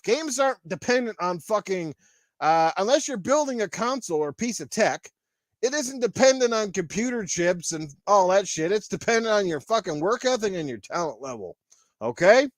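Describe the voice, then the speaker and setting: A man's voice: sits high, very animated, moderate pace, no room sound, clean studio sound. A man hosting a podcast, angry and heavily profane in a riled-up rant. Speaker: podcast host. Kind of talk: ranting gaming podcast.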